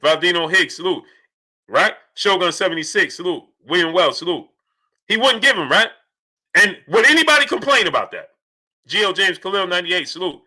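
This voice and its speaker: Male streamer, high and bright, who keeps repeating rhetorical questions and greets the viewers in the chat by name. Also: big pitch swings, brisk. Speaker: boxing channel host. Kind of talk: livestream commentary, reading chat.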